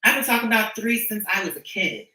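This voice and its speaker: Woman, fervent profane ranting, sharp bright voice, echoey room, off-mic. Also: medium pitch, expressive, fast, far from the mic. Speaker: streamer addressing her followers. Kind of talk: impassioned livestream monologue.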